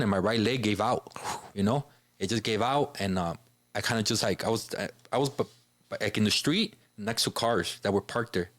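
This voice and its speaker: Casual, low-voiced man telling his story. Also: no room sound. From Chicago. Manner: informal, many fillers like "you know" and "bro". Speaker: podcast guest.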